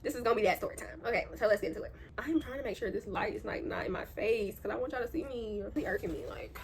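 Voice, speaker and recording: A woman's voice: on the high side, expressive, fast, vocal fry, crowd noise. A young woman telling a casual storytime to her viewers. She sounds congested and a bit nasal from allergies, and she keeps checking in with her audience in a chatty, emphatic way. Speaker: storytime vlogger. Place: indoor room.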